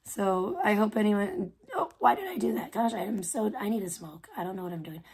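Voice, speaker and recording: A woman from Chicago with a Chicago accent softened by years on the West Coast, streaming live in a casual, rambling chat and often breaking off mid-sentence. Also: mid-range voice, expressive, fairly quick, hardly any pauses. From Chicago, USA. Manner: reacts aloud to small mishaps. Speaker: livestreamer.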